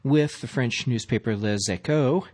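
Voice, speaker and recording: A man's voice: mid-range voice, normal speed, a little mellow. A man from Missouri co-hosting a tech news podcast, reading stories plainly with joking asides. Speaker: podcast co-host.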